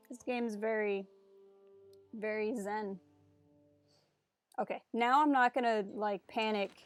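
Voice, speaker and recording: A woman streaming a game live, chatting casually, joking and reading the on-screen text aloud. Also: medium pitch.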